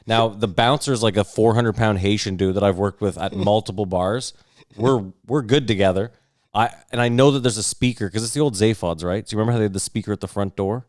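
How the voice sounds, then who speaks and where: Man, podcast co-host, low voice, dry close sound, profane storyteller. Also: fairly quick, dry recording. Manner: animated, profane, long-winded anecdotes. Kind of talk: casual storytelling chat. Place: podcast recording setup.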